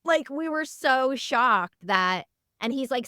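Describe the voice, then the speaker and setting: Woman podcast guest, earnest storyteller, clear smooth tone. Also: high voice, slow, dry recording, clean studio sound. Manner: animated storyteller, lively and earnest. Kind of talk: casual interview chat.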